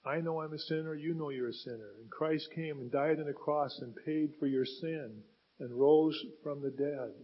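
A man preaches in a church, his voice slightly high and husky. He retells scripture with dramatic swells, dropping to a quiet, pleading tone. The recording sounds muffled and lo-fi. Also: normal speed. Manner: dramatic retelling with rising and falling emphasis. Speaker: pastor. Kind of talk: sermon.

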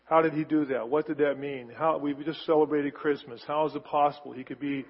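A man's voice: on the high side, fairly even intonation, brisk. A man preaching a sermon as pastor, emphatic, repeating words for stress. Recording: muffled sound in a large reverberant hall.

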